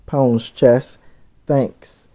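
A young man from Barbados hosting, reading out listener shout-outs in a laid-back, chatty way with little asides. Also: mid-range voice, steady tone, very slow. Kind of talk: casual chat.

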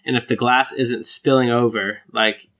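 A young man, co-hosting a casual chat, relaxed, laughing easily and saying "like" a lot. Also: medium pitch, moderate pace. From United States. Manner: relaxed, laughs often, lots of "like" fillers. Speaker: podcast co-host.

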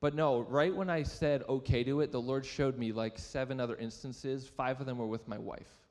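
A man's voice: medium pitch, steady tone, normal speed, a little mellow, big-room sound. A young adult man preaching a sermon, telling a personal story in a conversational, self-deprecating way and asking the audience questions. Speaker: pastor. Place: church sanctuary.

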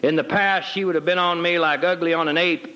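A man's voice: on the high side, steady tone, a little fast, sharp tone, dull audio. Folksy man telling his testimony. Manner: folksy, plain-spoken storyteller with colloquial grammar. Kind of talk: personal testimony storytelling.

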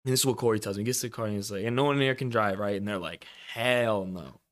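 A man's voice: lowish voice, fast. A man in his twenties telling a story in a casual chat, swearing freely and acting out the people in it.

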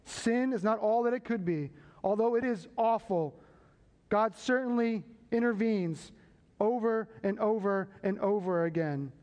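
A man preaching a sermon, building emphasis and tossing quick asides to the congregation. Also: high voice, a little mellow. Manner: preaching with rising emphasis and repeated call-and-response asides. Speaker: pastor. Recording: long hall reverb.

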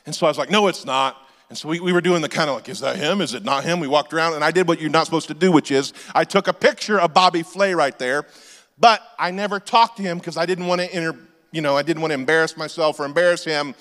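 A man in his forties, a pastor telling comic stories in a sermon and shouting his punchlines. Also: on the high side, fast talker. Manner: animated storyteller, shouting punchlines. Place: church auditorium. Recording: long hall reverb.

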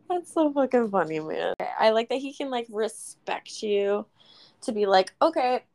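Lively, slow-talking woman cheering on her co-host. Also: a little high. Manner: quick to laugh, enthusiastic reactions. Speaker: podcast co-host. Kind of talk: casual chat.

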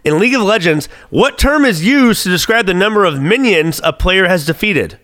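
A man on a casual podcast, excitable and swearing heavily while he thinks aloud through a trivia question. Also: high voice, normal speed, dry recording, clean studio sound. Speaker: co-host. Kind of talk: casual podcast chat, quiz game.

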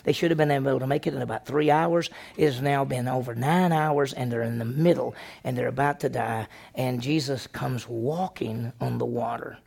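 Male pastor with a gravelly voice, chatty lesson, tosses questions to the room and answers them. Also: mid-range voice, moderate pace, hardly any pauses, a little mellow. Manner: asks the congregation questions and answers them himself; folksy, tells personal stories. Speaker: senior pastor. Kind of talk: conversational church lesson.

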